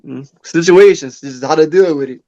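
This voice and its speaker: Podcast co-host, man, high voice, earnest casual storyteller. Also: brisk, mellow, dull audio. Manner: earnest storytelling, acts out quoted dialogue in a high voice.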